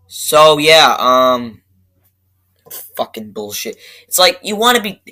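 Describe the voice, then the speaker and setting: Bright-voiced man ranting about a movie. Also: fairly high pitch, sing-song, takes it slowly, low-quality recording. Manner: rambling, profane, gets worked up and loud. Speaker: movie reviewer. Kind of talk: casual movie review rant.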